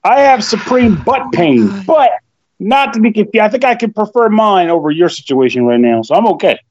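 A man's voice: high voice, lively intonation, normal speed, darkish tone, dry recording, muffled recording. A man co-hosting a casual podcast, teasing, swearing and laughing easily. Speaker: podcast co-host.

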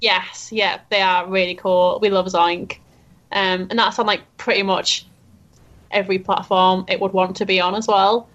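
A woman's voice: mid-range voice, little pitch movement, moderate pace, fairly bright tone, lo-fi sound. A woman chatting on a livestream about her company's games in a friendly, giggly way. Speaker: game company guest. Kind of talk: casual chat on a livestream.

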